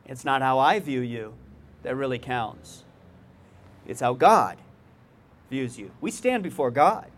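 A man's voice: mid-range voice, lively intonation, takes it slowly, long pauses. A male pastor preaching a sermon in a conversational way, with folksy asides and questions to the congregation.

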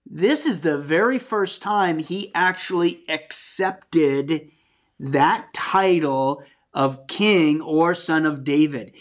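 A Bible teacher giving a conversational sermon, earnest and plain-spoken, often restarting and adding asides. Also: mid-range voice.

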